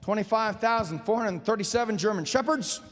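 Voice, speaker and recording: A man from Nebraska doing a stand-up comedy set, telling animated stories and acting out voices, in a large theater. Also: sits high, brisk, soft background music. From Nebraska, USA. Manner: animated storytelling with acted-out voices. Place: large performing arts theater. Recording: live stage in an echoey hall.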